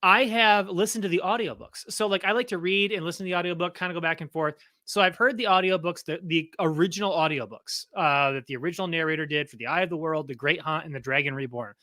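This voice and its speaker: A man co-hosting a podcast in casual conversation, with a bright, forceful voice. He talks in an animated way, slowing down to mimic words mockingly. The sound is dry and close. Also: fairly high pitch, no echo. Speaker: podcast co-host. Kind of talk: casual chat.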